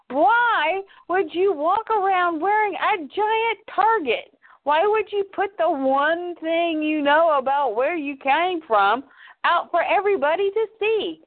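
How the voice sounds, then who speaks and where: Animated woman podcast co-host, phone-quality sound. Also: very high voice. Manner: animated, playful. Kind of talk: casual comic recap. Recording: tinny phone-like line.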